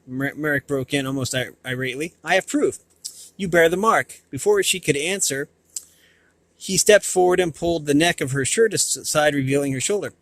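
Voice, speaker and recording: A man reading a novel aloud, often stumbling and restarting words, with short asides to listeners, and a higher voice for quoted lines. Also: normal speed, fairly bright tone, no echo. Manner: raises pitch for quoted dialogue. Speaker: reader.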